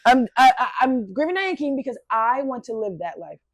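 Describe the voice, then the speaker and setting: A woman comedian from Baltimore, with a Baltimore accent, chatting casually on a podcast and slipping into quick mock voices. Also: fairly high pitch, no room sound. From Baltimore, USA. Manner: animated, slips into mock voices and quick asides.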